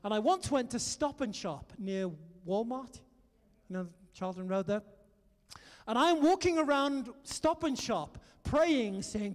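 British male preacher, high-pitched, lively storyteller who exhorts the room; recorded with long hall reverb. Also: a little slow. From Britain. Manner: animated storytelling, exhorting the audience. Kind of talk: sermon.

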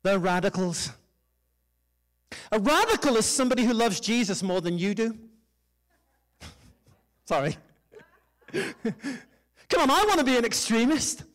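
A male pastor preaching with a fairly high, lifted voice. He calls out to the congregation, gets them to repeat lines back, and pokes fun at himself along the way. He carries the lively rhythm of a church sermon. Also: measured pace, long pauses. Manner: animated preaching with call-and-response and self-deprecating humor.

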